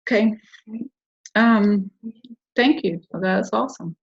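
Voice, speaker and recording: A woman hosts a relaxed talk show with a medium voice. She chats in an encouraging way and laughs now and then. The recording sounds a little dull. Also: mid-range voice, takes it slowly, vocal fry. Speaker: host. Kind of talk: casual talk show chat.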